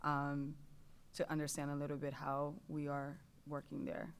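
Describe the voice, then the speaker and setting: A school committee member giving feedback at a public meeting, speaking haltingly with many fillers. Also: medium pitch, completely flat delivery, smooth.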